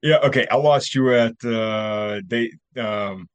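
A man's voice: mid-range voice, slow pace, clean tone. A man hosting a casual remote interview, often chuckling and stammering as he restarts his sentences. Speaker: host. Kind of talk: casual interview chat over a remote call.

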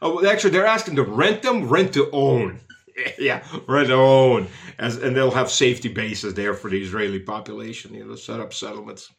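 Sardonic male commentator, mid-pitched, mocking, filler-heavy delivery. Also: normal speed, gravelly, a bit bright. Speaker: political commentator. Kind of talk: sarcastic commentary.

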